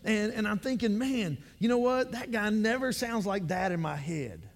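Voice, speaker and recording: A man's voice: sits high, lively intonation, normal speed. A man pastor giving a conversational sermon to his church, often repeating words as he builds his points.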